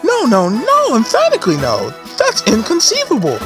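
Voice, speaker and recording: A man's voice: high voice, big pitch swings, moderate pace, over music, pitched above the performer's own voice. A man voicing a fussy, pompous male bird who serves as a guild assistant, talking in a prim, officious, lecturing way.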